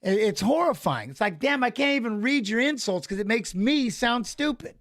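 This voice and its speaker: Excitable high-voiced man laughing through chat. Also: normal speed. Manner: laughs a lot, stammers and restarts, excitable coaching shouts. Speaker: watch-along host, former fighter. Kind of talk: casual live watch-along chat and fight commentary.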